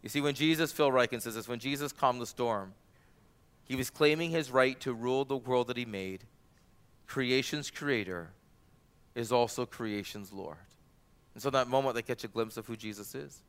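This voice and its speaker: A man preaching a sermon, animated, getting loud and intense when he quotes cries and scripture. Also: mid-range voice, moderate pace, clean tone. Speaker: pastor.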